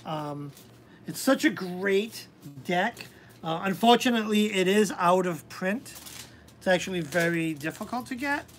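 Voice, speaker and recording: A woman hosting a live-stream tarot reading, talking hesitantly with many pauses and ums. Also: medium pitch, expressive, slight background noise.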